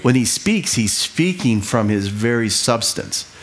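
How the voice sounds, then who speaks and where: A middle-aged man preaching in a loose, conversational style. His voice sits at an ordinary pitch, and he often repeats a phrase before moving on. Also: lively intonation. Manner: conversational, repeats himself, quick asides and laughs. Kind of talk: sermon teaching.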